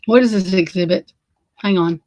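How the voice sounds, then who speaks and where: A woman's voice: on the low side, moderate pace, darkish tone, no echo. A woman hosting a casual true crime livestream, sleepy and yawning, rambling and swearing in exasperation as she talks to her chat. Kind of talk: casual live commentary.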